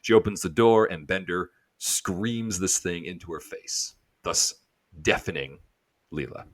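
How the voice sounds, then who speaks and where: A man's voice: low-pitched, unhurried, no room sound. A man co-hosting a podcast, casually retelling a cartoon episode in a rambling way full of fillers. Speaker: podcast co-host.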